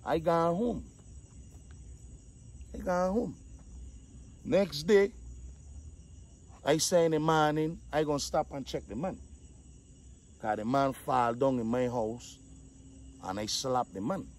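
A man, animated casual storytelling, acting out the voices of the people in his story. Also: a little high, slow pace, long pauses. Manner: animated, acts out quotes, repeats 'dog'.

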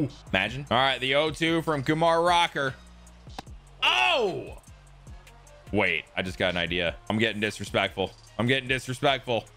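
A young man commentating his own video game in a casual way, his voice leaping from mumbled asides to sudden loud yelps. His tone is bright and forceful, and faint game music plays underneath. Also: mid-range voice. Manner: excitable, swings from loud outbursts to mumbling asides; self-deprecating jokes. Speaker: gaming YouTuber.

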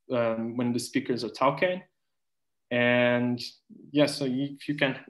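A man hosts an online webinar at a slow, easy pace, reading out where the audience is joining from. His pitch sits in the middle range. It sounds like a video call. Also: poor audio. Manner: unhurried, reads out audience chat. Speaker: webinar moderator.

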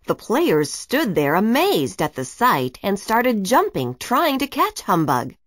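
A woman narrating a children's storybook in an expressive, animated reading. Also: mid-range voice, slow pace, no echo, studio quality.

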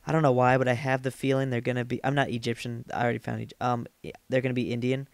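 Man, gravelly mid-pitched voice, dry close mic, loose rambling gameplay commentary. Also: flat delivery, very fast, dry recording. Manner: rambling, self-mocking, thinks aloud. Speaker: let's play gamer. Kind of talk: casual game commentary.

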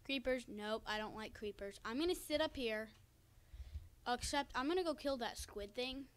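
A woman giving chatty, excitable commentary to viewers while playing a game at home, on a cheap desk microphone. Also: on the high side, moderate pace. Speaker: gaming video creator. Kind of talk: casual Let's Play commentary. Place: home room by a window.

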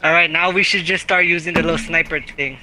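A man's voice: a little high, fairly even intonation, fast talker, very noisy. A young man playing a game with friends, teasing them, laughing and trash-talking. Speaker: gaming teammate. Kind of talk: casual gaming chat with friends.

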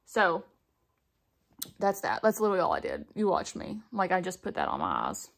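A woman's voice: lowish voice, huge pitch swings, moderate pace, vocal fry. A young woman chatting candidly while doing her makeup on camera, talking loosely with plenty of fillers. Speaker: beauty vlogger. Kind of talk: casual get-ready-with-me chat.

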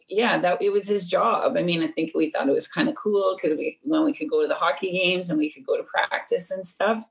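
Chatty woman with heavy vocal fry. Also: low voice, rough recording. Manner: chatty, laughing, many 'like's. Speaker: interview guest. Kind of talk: casual interview recollection.

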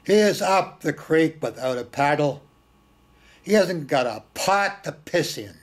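A man's voice: a little high, animated, unhurried. A man hosting film screenings tells stories informally and with animation, repeating words for emphasis and slipping in blunt, earthy remarks. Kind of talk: informal storytelling talk.

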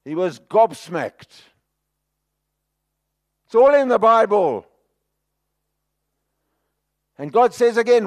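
A South African man preaches with real fervor, his voice sitting high and his pace slow and deliberate. He swings from loud, pleading outbursts down to near-hushed asides. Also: lively intonation. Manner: impassioned, dramatic shifts between loud and hushed. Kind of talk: sermon.

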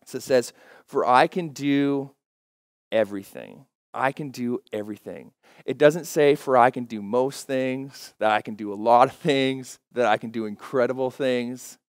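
A man preaching a sermon as pastor, stressing key phrases by slowing down and repeating them. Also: medium pitch, steady tone, no echo, studio quality. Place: church.

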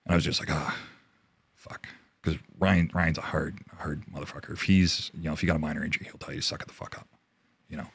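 A very deep, gravelly man from Canada talks through a war story as an interview guest. His voice is husky, with a rough fry on it. He swears freely and often breaks off mid-sentence to start again, and the recording is close and dry. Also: fairly even intonation, dry recording. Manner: profane, halting, restarts often. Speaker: interview guest, army veteran.

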